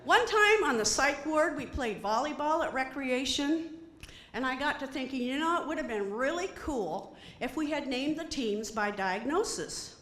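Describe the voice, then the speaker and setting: A middle-aged woman performing a stand-up comedy set, animated and acting out quoted voices. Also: sits high, normal speed, echoey room. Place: comedy stage before an audience.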